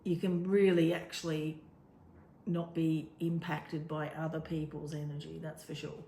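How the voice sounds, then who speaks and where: A woman's voice: sits low, flat delivery, measured pace, warm tone. A woman in casual chat as a co-host, rambling and laughing easily. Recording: echoey room with faint noise.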